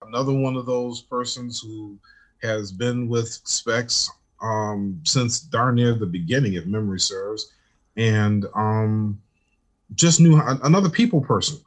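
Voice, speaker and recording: A man who works as a teacher, telling stories in a relaxed interview and acting out the dialogue he quotes. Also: on the low side, a little slow. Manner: animated storyteller, acts out quoted dialogue. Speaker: teacher, guest. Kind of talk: storytelling in a conversational interview.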